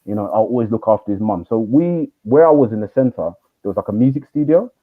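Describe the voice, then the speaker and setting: Fast-talking man on a tinny line. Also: lowish voice. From East London. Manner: animated storyteller, quick. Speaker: guest, teacher trainer. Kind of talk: interview storytelling.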